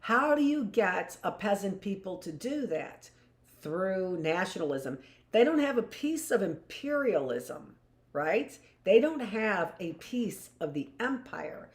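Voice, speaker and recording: A woman's voice: mid-range voice, big pitch swings, slow. A woman teacher reading a history book aloud in a live class and breaking off for chatty asides that end in "right?". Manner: reads passages aloud, then adds conversational asides with "right?".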